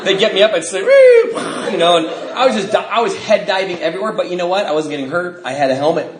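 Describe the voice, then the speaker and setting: A man speaking at a recovery convention, telling his story in an animated, self-mocking way and acting out the quotes. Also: high voice, fast talker, a crowd in the background. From Washington State, USA. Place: large convention hall. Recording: echoey hall recording with background noise.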